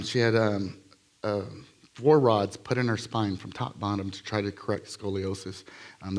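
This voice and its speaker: Energetic rambling preacher man. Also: fairly low pitch. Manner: energetic, jokey, rambling with frequent fillers and restarts. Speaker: guest preacher. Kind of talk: live sermon with healing testimonies. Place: church sanctuary.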